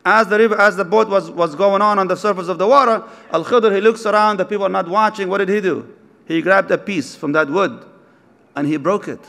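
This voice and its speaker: A man's voice: high voice, brisk, vocal fry. A man preaching a sermon, telling a story and acting out its dialogue, with recited verses mixed in. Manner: animated, acts out dialogue, mixes in recited verses. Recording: long hall reverb.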